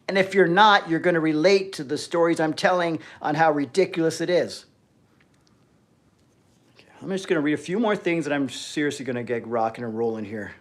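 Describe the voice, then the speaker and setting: Profane, fired-up man ranting live. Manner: profane, animated, swings between loud and low-key. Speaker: fitness YouTuber on a livestream. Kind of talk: ranting motivational live chat.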